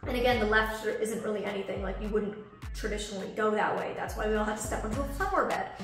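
A young woman vlogger telling a story in lively, animated detail, acting out what people said. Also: mid-range voice, fast talker. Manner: animated storytelling, acts out quoted voices. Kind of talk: storytime vlog. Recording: echoey room with background music. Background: soft background music.

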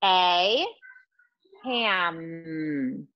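A woman teaching a virtual lesson to young children, encouraging and sing-song, sounding out letters slowly. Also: lowish voice, expressive, dull audio. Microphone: video call.

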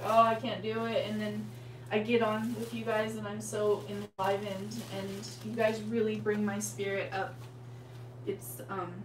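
A woman hosting a painting livestream, chatting casually and affectionately with her viewers. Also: medium pitch. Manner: chatty and affectionate, addresses viewers as "you guys". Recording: echoey room, mic at a distance, steady hum.

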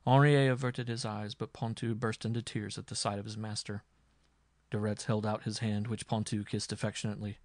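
Dude reading an audiobook, lowish voice, dry studio sound, steady and dramatic. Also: male voice, brisk, no echo. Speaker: audiobook narrator. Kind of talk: scripted narration.

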